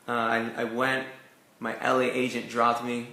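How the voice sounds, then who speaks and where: A man's voice: mid-range voice, flat delivery, a little slow, pushed and bright. Chatty young man in an echoey room. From Canada. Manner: chatty, lots of "like" and "you know" fillers. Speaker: actor being interviewed. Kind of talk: casual interview storytelling. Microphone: video call.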